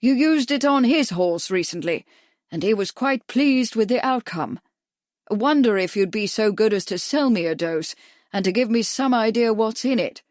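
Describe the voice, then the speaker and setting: A woman voicing a polite, slightly awkward gentleman who speaks loudly and distinctly, as if to a deaf man. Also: fairly high pitch, expressive, moderate pace, no echo, studio quality, natural voice. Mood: earnest.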